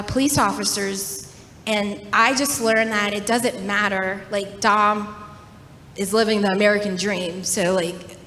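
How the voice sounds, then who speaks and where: A young woman sharing her own experiences in a casual, relaxed way, with lots of "like"s. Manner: relaxed, filler-heavy talk with many "like"s. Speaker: panel speaker. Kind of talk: casual personal testimony. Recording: echoey hall with faint rumble.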